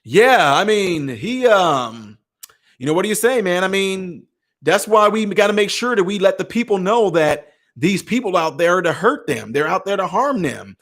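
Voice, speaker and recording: A man's voice: high-pitched, big pitch swings, normal speed, a bit bright, heavily acted. A man playing a preachy male critic who mocks him, exaggerated and whiny, repeating himself. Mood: indignant.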